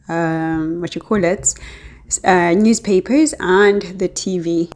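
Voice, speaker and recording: A woman's voice: fairly low pitch, dark tone. A woman astrologer talking casually to her viewers, chatty and often breaking into laughter between thoughts. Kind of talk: casual talk to camera.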